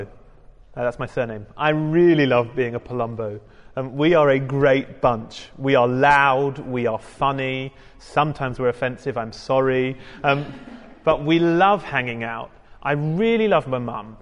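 British man, chatty preacher, joking asides, long hall reverb. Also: medium pitch. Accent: British English. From United Kingdom. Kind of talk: sermon. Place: church hall with a congregation.

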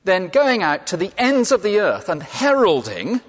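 A man's voice: sits high, huge pitch swings, normal speed. A man preaching a sermon in a conversational way, asking and answering his own questions. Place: church. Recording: long reverb of a large hall.

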